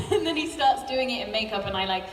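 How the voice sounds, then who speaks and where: A woman's voice: a little high, a little fast. A woman on a convention panel telling stories with lots of laughter. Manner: giggly, animated storyteller. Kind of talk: casual panel chat, storytelling. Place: large convention hall. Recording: echoey hall from far off, crowd noise.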